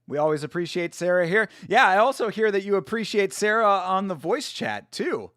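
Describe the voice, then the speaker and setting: Male stream host, slightly high voice, casual and giggly, swears freely, dead-dry booth sound. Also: animated, normal speed, pushed and bright, no room sound. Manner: laughs a lot and keeps apologizing. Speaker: livestream host. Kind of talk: casual live-stream chat, reading viewer comments.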